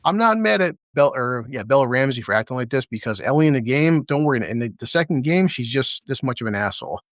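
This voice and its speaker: Brief: male reviewer, mid-pitched, crude and sarcastic, dry close sound, casual rant. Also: lively intonation, no room sound. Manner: impersonates characters in quick asides. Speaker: TV show reviewer.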